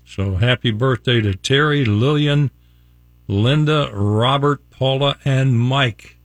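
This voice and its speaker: A man's voice: mid-range voice, slow, no room sound. An older man from West Virginia hosting a casual morning radio show, folksy and chuckling as he reads out examples. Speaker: radio host. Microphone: studio microphone.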